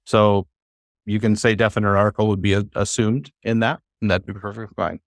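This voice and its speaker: A man's voice: lowish voice, steady tone, fairly quick, vocal fry, dry recording, studio quality. A man teaching a class, who explains patiently and coaxes his students to try reading aloud. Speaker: Hebrew teacher.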